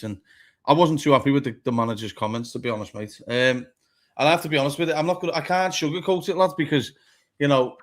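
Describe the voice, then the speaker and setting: A man on a football fan panel, talking bluntly, swearing a lot and getting heated. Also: mid-range voice. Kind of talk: casual fan chat.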